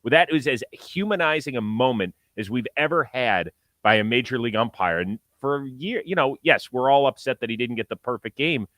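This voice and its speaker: A man hosting a casual sports talk show, animated and quick to laugh as he tells stories. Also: medium pitch, no room sound. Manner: animated, laughing, excitable storyteller.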